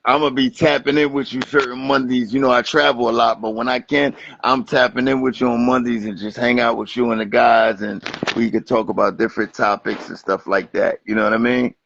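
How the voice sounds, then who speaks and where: Gravelly New man, lo-fi stream. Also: mid-range voice, slight background noise. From Atlantic City, New Jersey. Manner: animated, profane storytelling. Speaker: guest rapper. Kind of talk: casual interview chat. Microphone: Instagram Live stream. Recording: lo-fi livestream audio.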